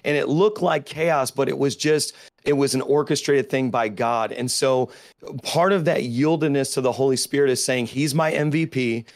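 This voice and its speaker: Male minister guest, mid voice, measured, emphatic. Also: mid-range voice, no room sound, studio quality. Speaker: deliverance minister, panel guest. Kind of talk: panel discussion.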